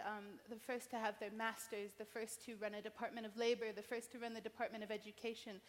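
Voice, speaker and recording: Earnest American woman in a reverberant hall. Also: fairly high pitch. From New Mexico, United States. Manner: earnest, heartfelt storytelling. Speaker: invited speaker. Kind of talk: personal conference talk. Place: large event hall. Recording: long reverb of a large hall.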